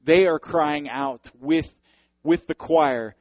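A man's voice: a little high, slow, a little mellow, dry recording, low-quality recording. A man preaching a sermon, speaking earnestly and directly to the congregation and building to fervent emphasis. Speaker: pastor.

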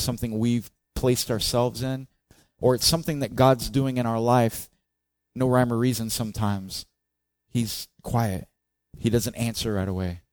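Expressive male pastor preaching. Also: medium pitch, dry recording. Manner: expressive, acts out the psalmist's cries with raised voice; conversational, asks the congregation questions. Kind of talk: sermon.

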